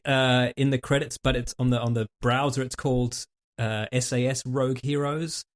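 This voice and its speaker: A man co-hosting a casual podcast chat, retelling TV scenes in an animated, quick way. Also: mid-range voice. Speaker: podcast co-host.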